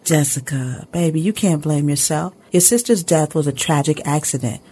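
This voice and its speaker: A woman voicing a gentle middle-aged mother who speaks in a soothing, consoling way with a husky voice. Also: sits low, moderate pace.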